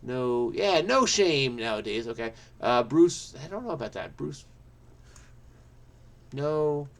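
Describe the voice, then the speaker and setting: A man hosting his own channel, solving a crossword out loud in a casual think-aloud, frenetic and muttering to himself. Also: medium pitch, expressive, vocal fry. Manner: frenetic, muttering to himself, quick bursts then trailing off. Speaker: crossword solver, channel host.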